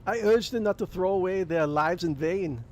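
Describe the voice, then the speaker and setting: A man voicing a grim, brooding male space-wolf warrior, speaking low and measured. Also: lightly acted. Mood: defiant.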